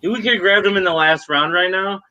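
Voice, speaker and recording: A man co-hosting a podcast in casual chat over a video call, laid-back and joking, talking in quick bursts. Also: high-pitched, bright, forceful tone, lo-fi sound. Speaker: podcast co-host.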